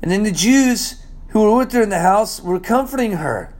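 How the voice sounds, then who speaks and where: A man preaching a sermon, reading scripture and commenting on it, swinging between loud exclamations and low, hushed asides. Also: expressive, moderate pace. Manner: reads scripture aloud and comments on it.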